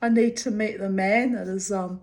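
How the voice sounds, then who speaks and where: A woman's voice: medium pitch, fairly even intonation, normal speed, darkish tone, natural voice. A woman putting on the voice of a cocky man from a nightclub who teases and needles her, sounding smug. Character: cocky teasing man from a club.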